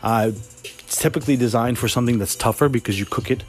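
A man's voice: medium pitch, quick pace, faint music behind. A young adult man hosting a casual solo podcast, telling a story in a profane, rambling way and often correcting himself. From New Jersey. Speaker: podcast host.

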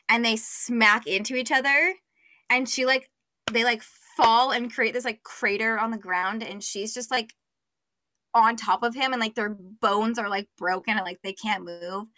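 Bright-voiced chatty young woman. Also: a little high, no echo. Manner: chatty, many fillers, acts out quotes. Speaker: podcast co-host. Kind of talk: casual book chat.

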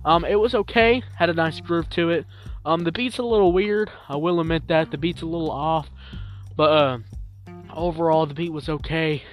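A man hosting a solo music review podcast, talking casually and rambling with lots of fillers and repeats, getting loud and animated at times. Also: fairly high pitch, moderate pace. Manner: animated, jumps up loud when promoting.

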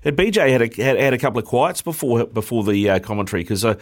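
A man's voice: medium pitch, expressive, quick pace. A man hosting a radio show, chatting in an easygoing, matey way. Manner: matey, easygoing, says mate often. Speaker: radio host. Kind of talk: casual radio chat.

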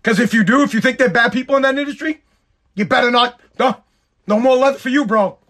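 Podcast host, male, high-pitched voice worn hoarse, heated profane rant. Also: quick pace, a bit bright. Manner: heated, profane, repetitive ranting. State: hoarse, voice nearly gone. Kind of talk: ranting podcast monologue.

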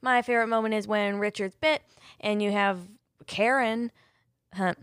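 A woman co-hosting a casual TV episode review chat, blunt and quick to laugh, swearing freely and acting out scenes. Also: mid-range voice, steady tone, a bit bright, no room sound, clean studio sound. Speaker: podcast co-host.

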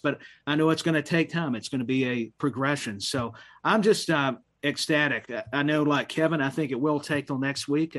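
A man with an average-pitched voice speaks in a rambling, agreeable way on a casual panel. He strings thoughts together loosely and restarts often. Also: fairly bright tone.

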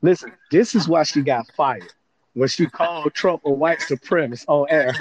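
A man's voice: fairly high pitch, normal speed, a crowd in the background. A man co-hosting a podcast in casual chat, speaking bluntly and in slang and often backing up his partner. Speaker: podcast co-host. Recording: dull lo-fi sound.

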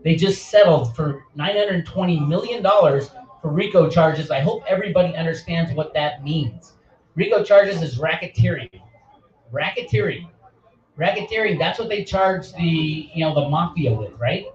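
A man's voice: a little high, normal speed. Fiery ranting man, roomy and distant. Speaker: online channel host. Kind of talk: impassioned speech. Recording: roomy, distant, dull lo-fi sound.

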